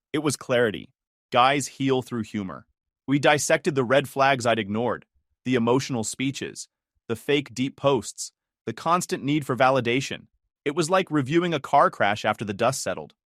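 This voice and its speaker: A man narrating a first-person story in a calm, detached, dryly sarcastic manner. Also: mid-range voice, no echo, clean studio sound.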